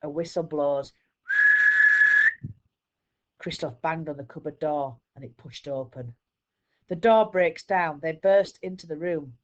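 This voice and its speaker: Woman, teacher, children's story read-aloud, steady, lowish voice. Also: unhurried, pauses often, highs cut off. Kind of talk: reading a children's book aloud.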